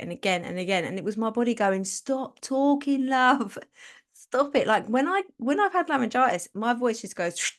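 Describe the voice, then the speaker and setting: A woman hosting a live stream. She gives casual motivational talk, chatting and laughing as she acts out quotes. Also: mid-range voice. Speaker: podcast host and business coach.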